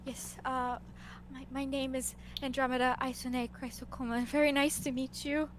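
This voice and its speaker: A woman voicing a timid, nervous young female dryad who stammers softly, in a tabletop role-play. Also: high-pitched, flat delivery, normal speed, slight background noise, natural voice. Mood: shy. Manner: stammering, hesitant, soft.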